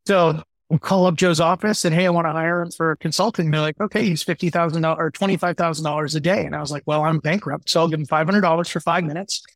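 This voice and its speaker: A man in his forties tells his own story as a guest in an interview. He is animated and acts out the people he quotes. His voice sits fairly high, and the sound is close and dry. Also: quick pace, dry recording. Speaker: guest entrepreneur.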